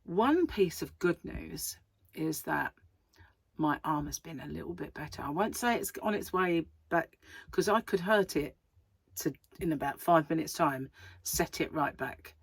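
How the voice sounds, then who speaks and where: A woman's voice: low voice, animated, unhurried, creaky, breathy edge, no echo. A middle-aged woman, chatting casually and rambling to camera as a crochet vlogger, laughing often.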